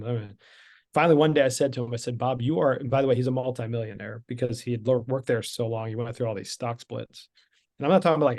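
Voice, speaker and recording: A man's voice: medium pitch, gravelly, a little mellow. Middle-aged guy on a podcast telling his story, chatty, lots of ums and restarts. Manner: candid, conversational, many fillers and restarts. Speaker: podcast guest. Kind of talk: storytelling in conversation.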